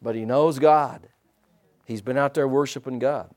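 A man preaching a sermon as pastor, asking his listeners for responses and swinging from hushed to loud. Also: mid-range voice, normal speed. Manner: asks the congregation for responses.

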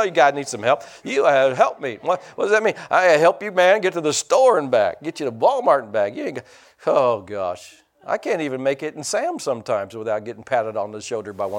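A man's voice: mid-range voice, sing-song, a little fast. An older man, a pastor preaching a folksy, joking sermon and calling out to his congregation.

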